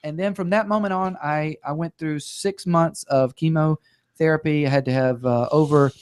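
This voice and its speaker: A man's voice: on the high side, fairly even intonation, normal speed, darkish tone, clean tone, no echo. A man guest on a talk show, telling a personal story with humor and playful acted-out quotes.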